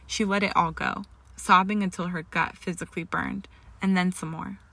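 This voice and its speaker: A woman's voice: fairly low pitch, fairly even intonation, moderate pace, gravelly, fairly bright tone, no room sound. A woman reading a story aloud as narrator, with occasional slips and restarts. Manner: reads dialogue with raised emotion, small slips and restarts. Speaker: fan fiction reader. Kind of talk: audiobook-style story narration.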